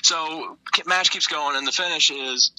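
A man's voice: fairly high pitch, moderate pace, pushed and bright, no echo, low-quality recording. A young man, a wrestler being interviewed, tells stories casually in a laid-back, profane way and laughs often. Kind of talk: casual storytelling.

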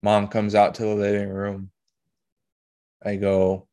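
Man, podcast host, low voice, monotone, emotional, halting, blunt swearing. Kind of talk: personal storytelling monologue.

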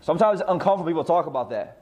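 A man's voice: fairly high pitch, lively intonation, racing, darkish tone. A man coaching real estate agents on client communication, emphatic and full of rhetorical questions he answers himself. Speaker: sales trainer.

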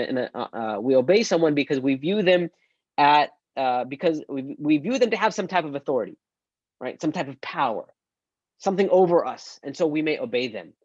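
A male Islamic teacher giving an online religious lesson, animated and acting out quoted speech. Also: a little high, no echo, lo-fi sound.

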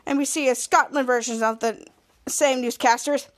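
A woman with a high voice hosts a podcast and walks through a TV episode scene by scene. Her telling is halting, full of restarts and clipped-off words as she hunts for the next detail. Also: fairly even intonation. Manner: halting retelling with frequent restarts and cut-off words. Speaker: podcast host.

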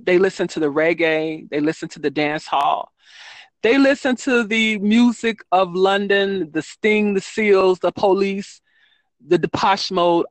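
A woman's voice: on the low side, no echo. A woman author talking casually in an interview, rambling with frequent ums and self-corrections. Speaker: children's book author, guest.

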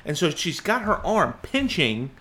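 Animated man telling a story. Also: on the high side, measured pace. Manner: animated, acts out quoted voices. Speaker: podcast co-host. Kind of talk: casual storytelling.

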